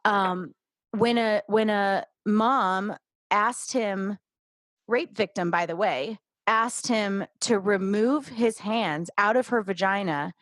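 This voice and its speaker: A woman's voice: medium pitch, slow pace, fairly bright tone, dry recording. A woman hosting a casual chat who speaks emphatically and swears freely. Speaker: podcast host.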